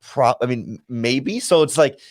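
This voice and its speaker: A man, a guest analyst on a sports talk show, reasoning aloud in a halting way with many restarts. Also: medium pitch, animated, dry recording, studio quality. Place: remote call.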